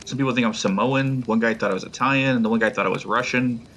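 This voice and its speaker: A man's voice: mid-range voice, fast talker, fairly bright tone, a little hiss or hum. A man in a casual podcast chat, telling rambling stories with restarts. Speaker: podcast guest.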